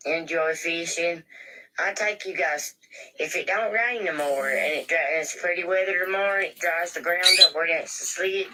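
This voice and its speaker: A man's voice: fairly high pitch, moderate pace, pushed and bright, slight background noise, rough recording. A man chatting casually on a live stream in plain, colloquial speech, reading out viewer comments and thanking viewers. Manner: plain-spoken, colloquial grammar. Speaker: livestreamer.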